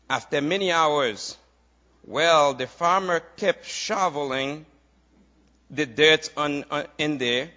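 A man preaching a sermon, repeating key phrases in a steady preaching cadence. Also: fairly high pitch, slow. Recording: dull lo-fi recording.

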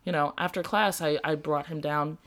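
Earnest woman podcast host, lowish voice. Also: fairly even intonation, moderate pace, a bit bright. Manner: earnest, storytelling, laughs easily. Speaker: podcast host and music teacher. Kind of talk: casual podcast chat.

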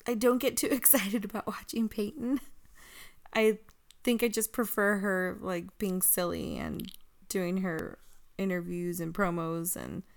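A woman co-hosting a casual podcast, giggling as she goes and wandering through her points. Her pitch sits in an ordinary middle range, and her speech is loose and full of "like" and self-corrections. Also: lively intonation, a little slow, vocal fry. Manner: giggly, rambling, full of "like" and restarts. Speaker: podcast co-host. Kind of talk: casual chat recapping wrestling.

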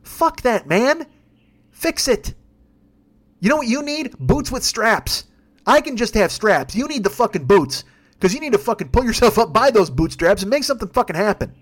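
Very animated and pitched high, a man in his fifties delivers a one-man rant on his podcast at a normal pace. Profanity runs thick through the whole monologue.

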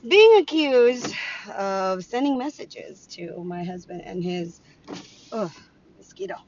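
A woman hosting a podcast in a casual monologue, animated and acting out both sides of her arguments. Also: on the high side, highs cut off. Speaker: podcast host.

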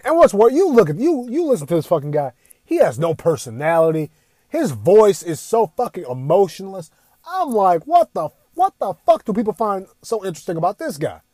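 High-voiced man ranting, heavy swearing. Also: very animated, moderate pace, warm tone, no echo. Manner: profane, exasperated ranting. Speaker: gaming commentator. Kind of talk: ranting commentary.

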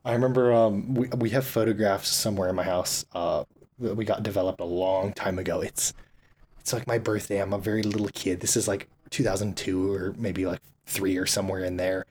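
A man's voice: deep voice, fairly even intonation, fairly quick, darkish tone, slight background noise. Young man in rambling casual chat. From United States. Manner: loose and rambling, filler-heavy, laughs easily.

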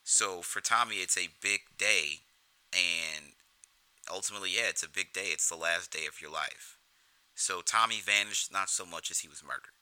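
A man's voice: low-pitched, moderate pace, sharp tone, clear, resonant tone, no room sound, poor audio. A man giving casual film commentary in a profane, rambling way, often restarting his sentences.

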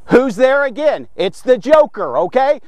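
A man's voice: very high voice, very animated, measured pace, a little mellow, no echo. A man giving an emphatic devotional sermon, often stopping to check in with his listeners. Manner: emphatic, keeps checking in with "okay?" and "watch this". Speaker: devotional preacher.

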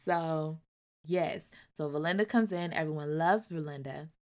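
A woman with a slightly low voice recaps a story with animated, colloquial energy. She acts out the characters' lines and breaks off into loud, opinionated asides. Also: measured pace. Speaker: book reviewer. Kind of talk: casual book recap.

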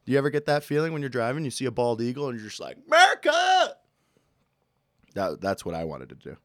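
A man's voice: medium pitch, dry recording, studio quality. A man hosting a casual podcast, ranting and joking about everyday gripes. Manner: animated, ranting, jokey, quick to yell out bits. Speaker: podcast host. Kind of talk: casual solo podcast rant.

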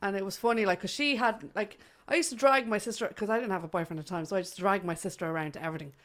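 A woman from Ireland with an Irish accent, hosting a casual chat and telling stories quickly with frequent laughter. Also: medium pitch, fairly bright tone. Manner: chatty, laughing, quick storytelling. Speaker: host.

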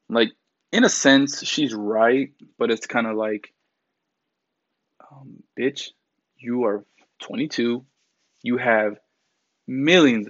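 A man's voice: mid-range voice, dry recording. A young man in his twenties ranting in a casual commentary vlog, blunt and profane, with many fillers and mocking quotes of others. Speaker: commentary vlogger. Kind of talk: casual rant. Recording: dry, slightly dull mic sound.

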